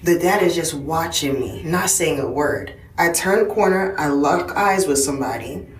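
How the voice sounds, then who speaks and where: A woman telling a casual anecdote in an animated way, acting out the voices she quotes. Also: sits low, normal speed, a little hiss or hum. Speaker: storyteller. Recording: echoey room, mic far off.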